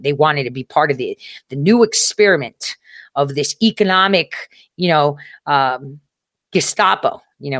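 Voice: mid-range voice, a bit bright, dry recording, clean studio sound. A host of a commentary show talking in a casual, rambling monologue, with many filler words, some swearing and frequent chuckles.

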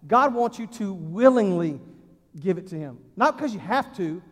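A man's voice: high-pitched, animated, moderate pace. Man preaching in a hall. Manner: folksy, emphatic preaching with sudden loud and quiet swings. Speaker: pastor. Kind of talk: sermon. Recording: long hall reverb.

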